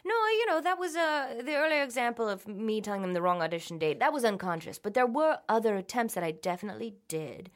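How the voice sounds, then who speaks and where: A woman playing an aging Hollywood star as an interview guest in an improvised mock interview, talking frankly and mocking herself with drawn-out asides. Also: a little high, lightly acted. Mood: candid. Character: aging female Hollywood star, candid, wry.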